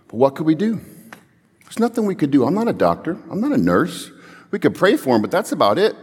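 A man's voice: fairly high pitch, slightly rough. Earnest male preacher in a reverberant hall. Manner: earnest storytelling, rising to emphatic calls. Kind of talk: sermon.

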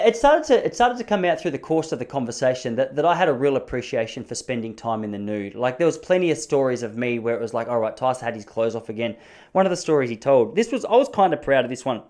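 Animated man in his thirties. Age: 30s. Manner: animated, self-mocking, pitch jumping up for emphasis. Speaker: podcast host. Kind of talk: casual comedic storytelling.

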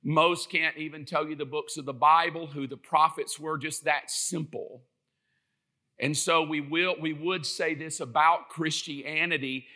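A man's voice: on the high side, fairly even intonation, unhurried, bright, forceful tone. A man from South Georgia with a Southern American accent, preaching a sermon and telling stories, acting out the voices he quotes. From South Georgia, USA. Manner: storytelling, acts out quoted voices. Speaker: pastor.

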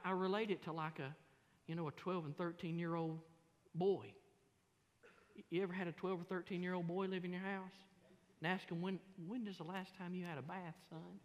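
A middle-aged man, preaching a sermon as pastor in a folksy, animated, self-mocking storytelling way. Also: high voice, dull audio. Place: large church sanctuary. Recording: long hall reverb in a church.

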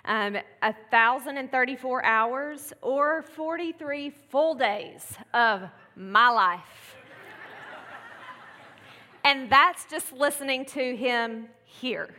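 A pastor's wife with a high, bright, forceful voice delivers a Mother's Day message in a church sanctuary, taking her time. Her sermon is casual and chatty, sprinkled with laughing asides, and the recording carries a long church-hall reverb.

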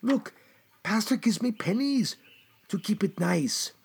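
Brief: fretful man, a gardener sketch, slow, husky and lively, a higher voice. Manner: fretful, muttering to himself, fond with his plants. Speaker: comedic performer as a gardener. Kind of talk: comedy sketch monologue.

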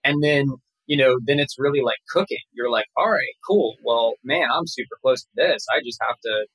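A man talking casually as an actor guest in an interview, rambling and relaxed with many fillers and restarts. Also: mid-range voice, a little fast, husky, dry recording, low-quality recording.

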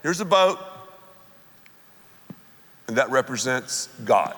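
A man preaching a sermon, animated and playful, leading the audience to repeat lines after him. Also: medium pitch, slow. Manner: animated, audience call-and-response. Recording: long hall reverb.

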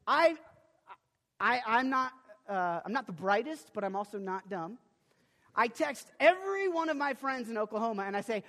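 A young man preaching a sermon and telling a personal story, animated, with sudden loud bursts and many restarts. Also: very high voice, moderate pace. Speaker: pastor. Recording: long reverb of a large hall.

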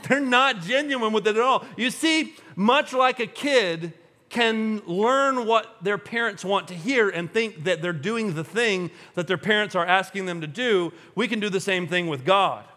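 Man, sermon, high voice, bright and forceful tone, animated, playful, reverberant church hall. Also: a little slow. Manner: animated, acts out everyday scenes with humor. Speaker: preacher.

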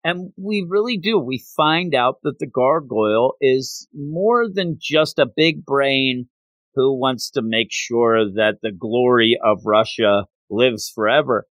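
A man's voice: medium pitch, takes it slowly, a bit bright, no echo. Casting note: man recapping a comic, chatty and rambling, dry close mic. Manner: chatty, digressive. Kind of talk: casual retelling of a comic.

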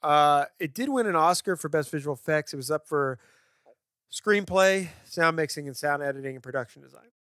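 A man co-hosting a podcast, chatting about movies with enthusiastic, animated storytelling. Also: fairly high pitch, fairly quick, no echo, clean studio sound. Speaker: podcast co-host. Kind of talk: casual film discussion.

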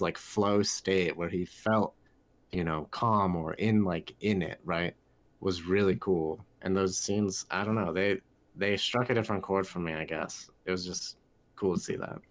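A man's voice: low-pitched, steady tone, normal speed. A man co-hosting a film podcast, chatting casually and rambling with lots of fillers. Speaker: podcast co-host. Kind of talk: casual film review chat.

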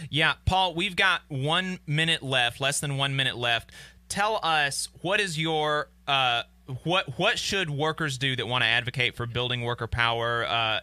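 A man's voice: medium pitch, moderate pace, pushed and bright, no room sound. A man hosting a radio talk show, friendly and affirming as he wraps up an interview.

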